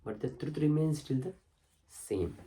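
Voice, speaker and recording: A man teaching as a spiritual teacher, reading a spiritual text aloud and explaining it in a slow, contemplative way with emphatic rises. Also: on the high side, lively intonation, mellow, rough recording.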